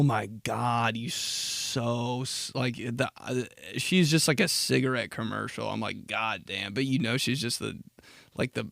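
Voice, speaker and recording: A young man with a gravelly, creaky voice talks loosely through his own podcast. He rambles, swears and cracks himself up along the way. The sound is close and dry. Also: medium pitch, a bit bright, no room sound. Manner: rambling, laughing, profane storytelling. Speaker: podcast host. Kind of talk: casual solo podcast monologue.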